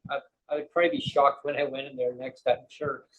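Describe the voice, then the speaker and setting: Male guest, husky voice, rambling storyteller with lots of fillers. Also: medium pitch, level tone, fast, highs cut off. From Canada. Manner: rambling, full of fillers and acted-out quotes. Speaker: podcast guest. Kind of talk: casual storytelling chat.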